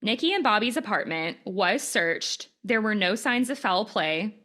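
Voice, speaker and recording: A woman's voice: medium pitch, expressive, unhurried, bright, forceful tone. A woman hosting a podcast, recounting case details in casual chat with plenty of fillers. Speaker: podcast host. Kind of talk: casual true-crime chat.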